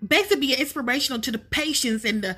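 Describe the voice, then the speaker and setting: A woman's voice: sits high, racing, sharp tone, husky, faint music behind. A woman vlogging in her neighborhood, gushing and emotional, close to tears. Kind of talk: casual vlog. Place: outdoors in a neighborhood street.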